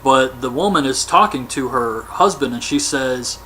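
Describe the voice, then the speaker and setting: A man's voice: medium pitch, moderate pace, sharp tone, a little hiss or hum. Casual, chatty male movie reviewer. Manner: chatty, offhand, colloquial. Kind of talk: casual film recap.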